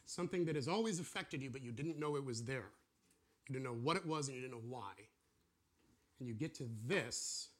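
A man teaching a casual sermon, drawing on a board as he talks and acting out what God and believers say. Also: fairly high pitch. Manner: animated, acts out voices of God and believers. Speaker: preacher teaching a series.

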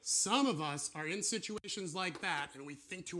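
A man teaching an informal sermon to a class, animated and acting out the voices of people and God. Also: high-pitched, moderate pace, hardly any pauses. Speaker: pastor or church teacher.

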